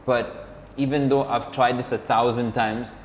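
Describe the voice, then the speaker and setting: A man's voice: medium pitch, fairly even intonation, measured pace. Rambling man in an echoey room. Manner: rambling, filler-heavy, acts out quoted dialogue. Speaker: podcast co-host, motorcyclist. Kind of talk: casual storytelling chat. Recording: roomy, reverberant room with faint background hum.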